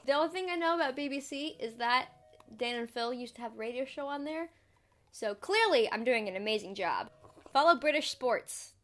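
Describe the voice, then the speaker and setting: A woman's voice: high voice, expressive, fairly quick, fairly bright tone. A young American woman vlogging in a playful, self-mocking, chatty way. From United States. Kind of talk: casual jokey vlog.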